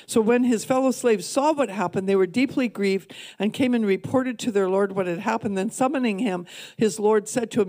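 A woman's voice: on the high side, normal speed, a little mellow. A woman minister preaching a sermon with earnest emphasis, repeating key points for weight. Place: church.

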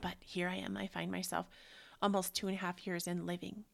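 A woman in her thirties hosting a spiritual book club, chatting in a rambling, dreamy way that often drops into soft whispers. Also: on the low side, little pitch movement, a little fast, creaky. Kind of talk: casual spiritual chat.

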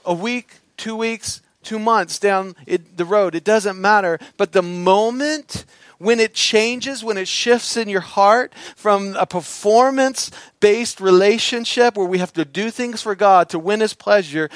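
High-voiced man preaching with dry sound. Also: no room sound. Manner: emotional storytelling, dropping to soft hushed tones for emphasis. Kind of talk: sermon with personal story.

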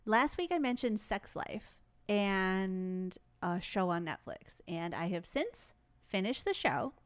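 A woman's voice: medium pitch, sing-song, slow, clean tone. A young woman co-hosting a podcast in casual chat, bubbly and playful, laughing often. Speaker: podcast co-host.

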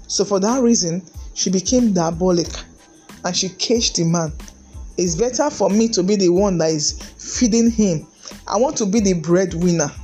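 A woman's voice: mid-range voice, darkish tone. A middle-aged woman, a lawyer giving an earnest, emphatic talk on marriage, often repeating words and throwing in "hey". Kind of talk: preachy motivational talk.

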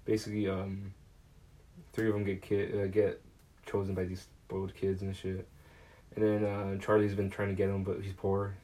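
Casual male host, low voice, rambling and profane. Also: monotone, moderate pace, dark tone, low-quality recording. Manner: rambling, swears often, lots of fillers and laughs. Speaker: podcast host. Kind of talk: casual movie recap.

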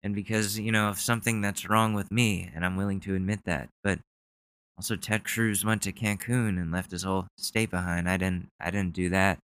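A man's voice: deep voice, flat delivery, normal speed, a bit bright, clear, resonant tone, no echo. Young man rambling on a casual podcast. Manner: rambling, profane, chuckling. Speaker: podcast host. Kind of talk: casual chat.

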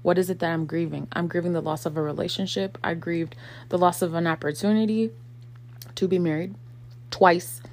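Lady in her 30s vlogging, kinda low voice, chatty, lots of "like" and "um". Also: fairly even intonation, a little fast, darkish tone, a little hiss or hum. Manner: conversational, many fillers, acts out quotes. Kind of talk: casual personal reflection.

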